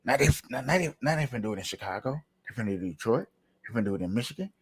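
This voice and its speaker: A man giving casual, animated commentary on a livestream, firing off repetitive rhetorical questions in heavy slang. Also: medium pitch, racing, breathy edge.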